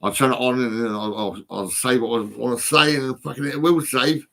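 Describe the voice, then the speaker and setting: A man with a stammering delivery, recording a rambling, expletive-laden solo rant on his phone. He drifts between low muttering and sudden angry outbursts. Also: fairly even intonation, normal speed, creaky, pushed and bright. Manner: heavy swearing, stammering repeats, swings from muttering to outbursts. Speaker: vlogger.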